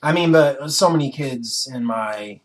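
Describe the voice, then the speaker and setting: A man's voice: mid-range voice, a little slow. A young man co-hosts a loose, joking conversation full of crude asides. His delivery rambles, with restarts as he spins out the bit. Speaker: co-host. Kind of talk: casual chat.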